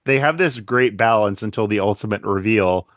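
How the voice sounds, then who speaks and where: Low-voiced man chatting about a movie. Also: normal speed, no echo, clean studio sound. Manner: animated, acts out quotes in funny voices. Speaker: podcast co-host. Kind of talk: casual movie discussion.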